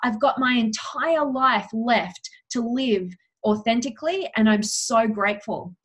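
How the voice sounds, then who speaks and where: Young woman, interview guest, slightly high voice, earnest, slows for emphasis, casual fillers. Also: fairly bright tone. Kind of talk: personal storytelling in an interview.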